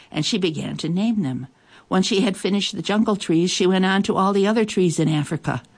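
A storyteller reading an animal fable aloud in a measured, expressive way. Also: mid-range voice.

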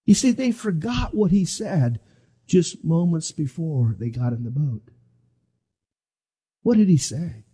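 A middle-aged male pastor preaching with dramatic swings, acting out the people in his story as he goes. His voice sits high and sounds husky, with a mellow, dark tone. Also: lively intonation, unhurried, pauses often. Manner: dramatic, acts out voices of the disciples. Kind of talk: sermon.

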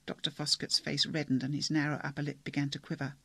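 Male audiobook narrator, measured and wry, gravelly and husky. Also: fairly high pitch, level tone, sharp tone, no echo. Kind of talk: scripted narration.

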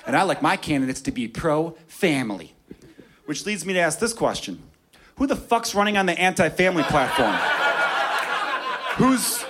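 A man's voice: medium pitch, a bit bright. A man doing a stand-up comedy set in a loose, rambling style with ranting acted-out asides. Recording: crowd audible behind the voice.

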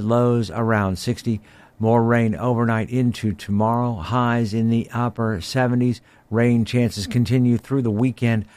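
A man reading a scripted local radio weather forecast and station ID, brisk and even. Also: mid-range voice.

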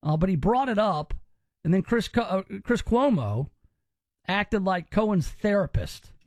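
A man's voice: high-pitched, very animated, measured pace, a little mellow, dry recording. A man hosting a political commentary show, talking in a sarcastic, mocking way. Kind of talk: opinionated commentary.

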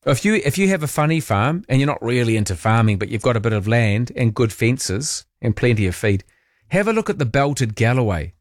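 A man's voice: medium pitch, big pitch swings, a little fast, no room sound, clean studio sound. A man hosting late-night talkback radio, chatting and reading out listener texts. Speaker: overnight radio host.

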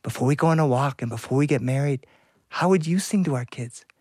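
A man's voice: mid-range voice, brisk, a little mellow, breathy edge, no echo, studio quality, close to an everyday voice. A man voicing an earnest little male mouse in a storybook tale, playful and insistent.

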